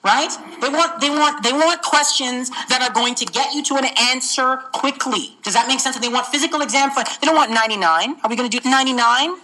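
An energetic woman tutoring for a medical exam, keeps asking the class whether they follow. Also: high-pitched, brisk, hardly any pauses, a little hiss or hum, rough recording. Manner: energetic, keeps checking understanding. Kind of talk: interactive teaching session.

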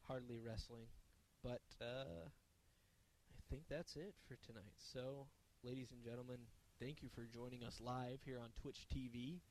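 A man's voice: mid-range voice, steady tone, unhurried, darkish tone. Guy cohosting a chatty podcast show, lots of uhs and ums, faint hiss under it. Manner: rambling, filler-heavy delivery. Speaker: podcast co-host. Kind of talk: casual podcast chat.

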